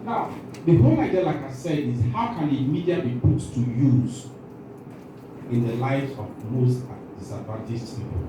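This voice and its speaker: A man's voice: mid-range voice, expressive, normal speed, noisy background. A man leading a training workshop, quizzing the room and joking, a little nervous, his voice shaking. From Nigeria. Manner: asks the room questions, jokes, self-interrupting. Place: large conference room. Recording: echoey room from far off.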